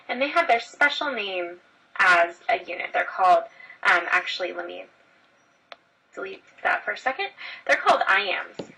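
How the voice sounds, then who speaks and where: A woman's voice: medium pitch, pushed and bright, slightly rough, distant mic, poor audio. A woman teacher explaining a lesson step by step, talking straight to her students. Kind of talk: screen-recorded lesson.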